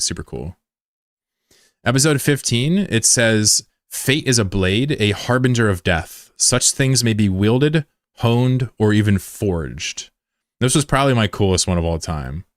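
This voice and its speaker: A man with a Mid-Atlantic American accent talks in a low, flat, laid-back way, chatting casually with viewers of his stream. The sound is dry and close, with no room echo. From United States. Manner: self-described monotone, plain and laid-back. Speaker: game streamer. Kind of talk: casual live-stream chat, reading viewer messages.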